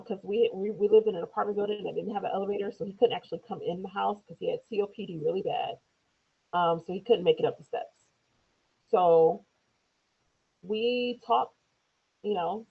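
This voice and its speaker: Woman telling her own story on a tinny phone-like recording, gravelly voice, does the voices when she quotes people. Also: medium pitch. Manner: acts out quoted speech in raised voices. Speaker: interview guest. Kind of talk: personal storytelling.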